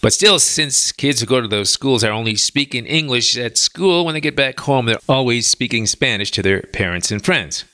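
A man's voice: mid-range voice, expressive, normal speed, hardly any pauses, pushed and bright, no echo, clean studio sound. Chatty American man hosting a podcast. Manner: chatty, emphatic, folksy asides. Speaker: podcast host. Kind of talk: casual monologue answering listener email.

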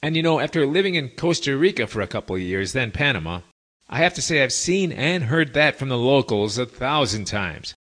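Host, male, folksy wry monologue, very animated pitch. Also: fairly quick. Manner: wry, folksy storytelling with lively intonation. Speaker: podcast host. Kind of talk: casual monologue to listeners.

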